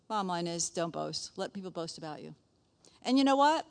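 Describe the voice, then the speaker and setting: A woman's voice: lowish voice, lively intonation, fairly quick, vocal fry. Chatty woman teaching a Bible lesson. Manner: chatty, checks in with "okay?" often.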